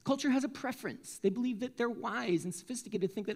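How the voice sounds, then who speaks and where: A young man from Connecticut on the US East Coast preaches a sermon, animated and self-mocking, often restarting his sentences. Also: very high-pitched, fast.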